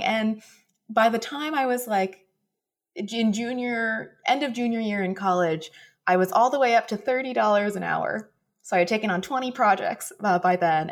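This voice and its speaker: A young woman co-hosting a podcast, telling personal stories in a relaxed, chatty way. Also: mid-range voice. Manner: anecdotal, laughs while telling stories. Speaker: podcast co-host. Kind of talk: casual chat, storytelling.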